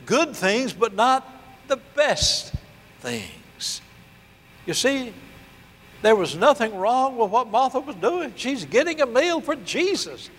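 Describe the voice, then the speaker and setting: An older man preaching a sermon, telling a story and acting out the voices, slowing down to stress key points. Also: extremely high pitch, very animated, a bit bright, in a large hall, a little hiss or hum. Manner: storytelling preacher, acts out dialogue, slows for emphasis. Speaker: pastor.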